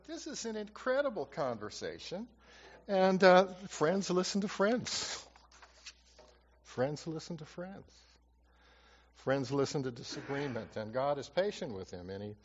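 A man's voice: on the high side, big pitch swings, a little slow, a little hiss or hum. A man preaching a sermon, repeating his key phrases for emphasis. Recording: muffled reverberant hall recording.

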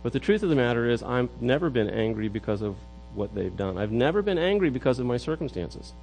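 A man's voice: mid-range voice, sing-song, fast, gravelly, darkish tone, faint music behind, rough recording. A middle-aged man preaching a sermon in an earnest way, often repeating words as he builds a point. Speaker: pastor.

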